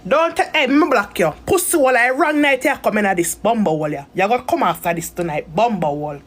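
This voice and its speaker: A woman's voice: mid-range voice, lively intonation, a little fast. A Jamaican woman talking straight to her viewers in a rambling, emotional rant full of swearing. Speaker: content creator. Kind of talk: casual talk to camera.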